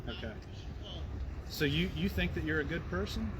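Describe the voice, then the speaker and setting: A man's voice: a little high, animated, normal speed, noisy background. A man preaching outdoors on a city street, persistent and full of leading questions.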